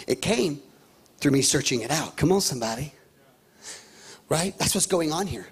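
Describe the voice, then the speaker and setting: A pastor in his thirties preaching a lively sermon, repeating himself and calling out to the congregation. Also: on the high side, moderate pace, slightly rough. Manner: animated, repetitive, calls out to the congregation.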